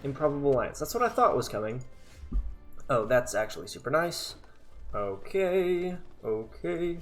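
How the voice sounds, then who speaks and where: A man's voice: medium pitch, very animated, measured pace, faint music behind. A man casually commentating his own card game match, chatty and sarcastic, thinking aloud as he plays. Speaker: gaming content creator.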